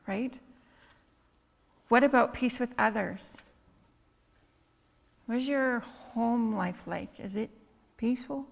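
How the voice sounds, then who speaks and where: A woman preacher giving a conversational sermon, full of rhetorical questions and quick "right?" asides. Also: fairly high pitch, gravelly, breathy edge. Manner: conversational, asks many rhetorical questions with tag questions. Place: church hall. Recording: long reverb in a hall with faint music.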